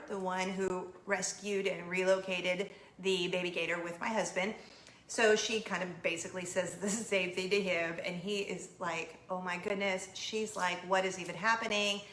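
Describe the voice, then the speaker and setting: A woman in her thirties telling a story in a casual, animated way, acting out the other voices in it. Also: mid-range voice, roomy sound. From not from Florida. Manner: animated, acts out quoted voices, laughs. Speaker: homeschooling mom telling a story.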